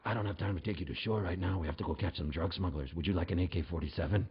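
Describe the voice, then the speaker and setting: A stern male cop barks his lines in a low, slow, gruff voice, done by a male storyteller. The recording sounds dull and lo-fi. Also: heavy background noise. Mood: commanding. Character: gruff male Mexican police officer, commanding.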